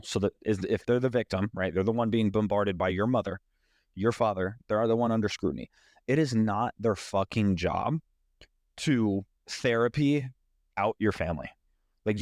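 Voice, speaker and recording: A man's voice: on the low side, darkish tone, no echo, studio quality. A young man in his twenties hosting a podcast, giving blunt, profane, emphatic relationship advice in a casual monologue. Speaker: podcast host.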